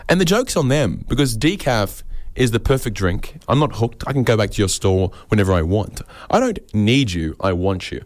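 A man with an Australian accent hosting a community radio show, delivering a joking monologue and bantering, often jumping up into other people's voices. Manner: animated, jokey, voices other people with big pitch jumps. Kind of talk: comic monologue and studio banter.

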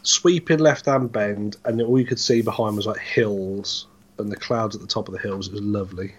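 Husky and somewhat low, this man's voice holds a steady tone at normal speed. As a podcast co-host who drives trucks, he chats casually, wandering through laid-back tales of his work on the road.

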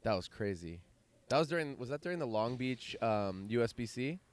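A man's voice: mid-range voice, expressive, a little fast. A man hosting a podcast in a chatty, easygoing way while sitting outdoors. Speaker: podcast host. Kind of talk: casual podcast chat. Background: faint traffic.

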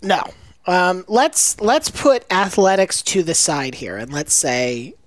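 A woman co-hosting a podcast in casual chat, wry and quick to laugh. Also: no room sound. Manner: wry, laughs often, lively pitch. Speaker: podcast co-host.

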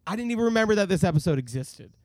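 A man's voice: sits high, lively intonation, racing, a little mellow, no room sound. A man co-hosting a casual podcast, reading listener emails aloud and joking around. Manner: reads listener emails aloud, jokey, slips into silly voices. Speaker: podcast co-host.

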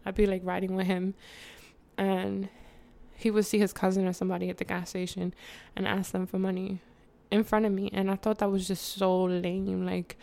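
A woman's voice: mid-range voice, level tone, moderate pace, gravelly, mellow. A woman vlogger telling a candid, slangy story to her viewers, laughing often and wandering off on side remarks. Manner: chatty, digresses, addresses viewers.

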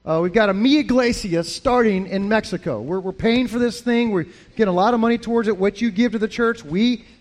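A man preaching as a pastor, talking in a lively, conversational way with frequent restarts. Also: sits high, brisk. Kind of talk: sermon.

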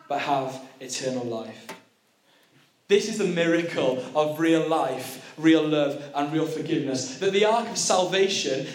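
A man giving a sermon as a preacher and prison youth worker, telling stories earnestly and repeating phrases for emphasis. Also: on the high side. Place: church. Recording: echoey church room.

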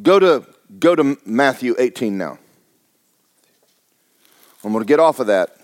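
A man's voice: mid-range voice, lively intonation, unhurried, no echo. A man preaching a blunt, exhorting sermon, firing rhetorical questions at his congregation. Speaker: pastor.

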